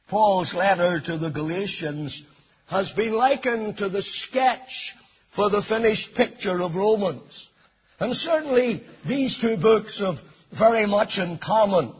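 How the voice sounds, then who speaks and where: Slow, husky-voiced male preacher. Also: sits high, highs cut off. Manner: slow, deliberate preaching with emphatic repeated phrases. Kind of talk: sermon.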